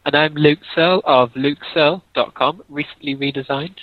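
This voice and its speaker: Halting man on a dull, dry mic. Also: fairly high pitch, fairly even intonation, dry recording. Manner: halting, thinks aloud with restarts. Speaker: podcast co-host. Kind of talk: casual podcast chat.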